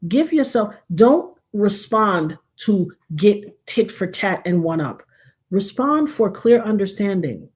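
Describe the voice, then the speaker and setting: A woman's voice: medium pitch, very animated, slow, a little mellow. A middle-aged woman in the middle of her talk show with a voice of ordinary height. She hands out advice in an emphatic, preachy, folksy way. For effect, she sometimes drops her voice almost to a whisper. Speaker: livestream talk show host. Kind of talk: casual advice chat to a live chat.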